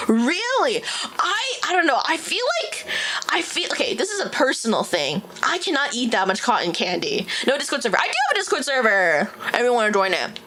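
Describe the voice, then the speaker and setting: A woman's voice: fairly high pitch, a bit bright. A woman VTuber chatting casually on a livestream, swearing freely and laughing often. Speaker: VTuber streamer.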